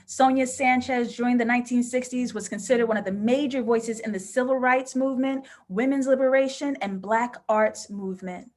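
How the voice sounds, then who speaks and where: Woman, slightly high voice, live review host, passionate, emotional, reads viewer comments. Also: steady tone, moderate pace, hardly any pauses, darkish tone. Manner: passionate and emotional, given to sudden laughing outbursts.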